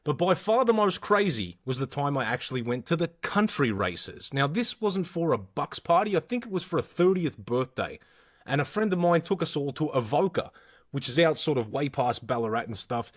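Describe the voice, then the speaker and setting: An Australian man in his thirties co-hosting a casual podcast, with a slightly high voice. He tells stories in an animated way and swears constantly. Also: normal speed. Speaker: podcast co-host. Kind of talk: casual storytelling chat.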